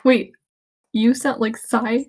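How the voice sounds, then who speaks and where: Chatty young woman with a higher voice. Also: little pitch movement, takes it slowly, a little mellow. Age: young adult. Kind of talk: casual chat.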